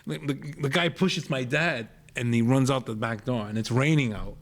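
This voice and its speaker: A middle-aged man with a Rhode Island accent who spins a rambling family tale on a podcast. His voice sits at an ordinary middle pitch, and he keeps doubling back and breaking into the voices of the people in the story. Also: moderate pace. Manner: rambling, animated storyteller acting out quoted voices. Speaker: podcast co-host, comedian. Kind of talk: storytelling in casual chat.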